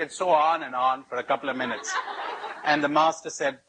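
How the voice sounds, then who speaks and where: A man giving a spiritual workshop talk in a husky, fairly high voice. He tells anecdotes with humor and drives points home through repetition. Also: fairly even intonation, fairly quick, fairly bright tone, rough recording. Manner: storytelling with rhetorical repetition and humor. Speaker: spiritual teacher.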